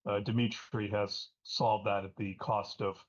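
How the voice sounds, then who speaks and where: A man giving live game commentary, analytical and halting, full of fillers. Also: fairly low pitch, level tone. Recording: dull lo-fi stream audio.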